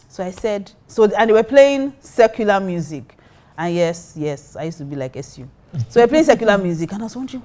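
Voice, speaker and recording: A middle-aged woman with a Nigerian accent, a pastor and co-host, telling a story in a lively way and acting out the quotes. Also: lowish voice, brisk. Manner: lively, acts out quotes, mixes in Pidgin. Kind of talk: casual storytelling chat.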